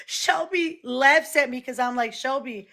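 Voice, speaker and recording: Woman, livestream host, fairly high voice, heated, animated, calls viewers y'all. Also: measured pace. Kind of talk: heated casual livestream talk.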